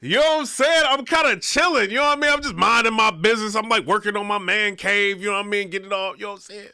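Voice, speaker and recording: A man's voice: high voice, quick pace, pushed and bright, smooth, no room sound, clean studio sound. A man hosting a casual commentary vlog, rambling and peppering his talk with "you know what I'm saying.". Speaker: vlog host.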